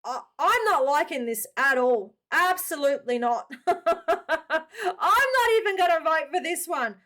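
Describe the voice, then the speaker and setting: A woman's voice: high voice, sing-song, a little slow, pushed and bright. A young Australian woman with an Australian accent, hosting a reaction video and giving blunt, slangy opinions. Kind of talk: casual reaction commentary.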